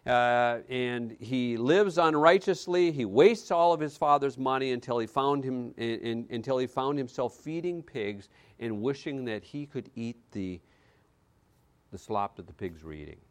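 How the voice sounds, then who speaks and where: A man preaching a sermon, reading scripture with dramatic swings between loud declaration and hushed quiet. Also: medium pitch, lively intonation, measured pace, clean tone. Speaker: pastor.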